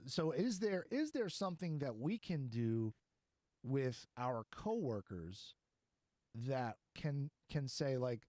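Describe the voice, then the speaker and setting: A man hosts a podcast in an easy, meandering chat, often breaking into laughter. His voice sits at an ordinary middle pitch. The sound is dry and close, with no room around it. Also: sing-song, slow pace, warm tone, no room sound. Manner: chatty and rambling, laughs easily. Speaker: podcast host. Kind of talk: casual chat.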